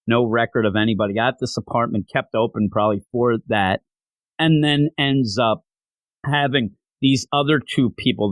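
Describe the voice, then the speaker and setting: In a dry recording, a medium-pitched man hosting a podcast rambles excitedly through a comic book recap, his speech full of fillers.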